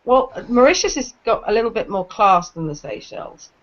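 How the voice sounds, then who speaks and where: Casting: middle-aged English woman, slight American lilt, rambling conversational host, muffled low-fi stream sound. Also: animated, a little fast. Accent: English, with a slight American tinge. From England. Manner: chatty, restarts often, trails off. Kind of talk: casual chat. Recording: dull lo-fi stream audio.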